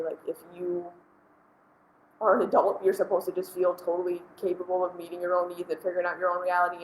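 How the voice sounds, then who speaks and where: A woman's voice: on the low side, roomy sound, slight background noise, rough recording. A woman hosting a casual spoken commentary, earnest and conversational, often dropping "like" between thoughts. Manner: earnest, conversational, frequent "like" fillers. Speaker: host.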